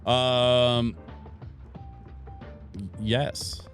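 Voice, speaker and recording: A man's voice: mid-range voice, level tone, drawn-out words, fairly bright tone, faint music behind. Chatty man streaming a game. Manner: chatty, reads game text aloud, laughs easily. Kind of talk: casual game commentary.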